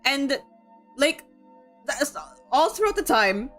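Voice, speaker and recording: Young woman from the philippines hosting a book club stream, kinda high voice, giggly and rambly, faint music behind. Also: very animated, takes it slowly, a bit bright. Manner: rambling, giggly, lots of filler words. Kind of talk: casual livestream chat.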